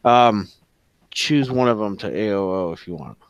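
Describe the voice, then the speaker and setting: Lively, profane male game master. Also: clean tone, no echo. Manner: casual, profane, acts out characters in quick high voices. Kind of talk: narrating a tabletop game.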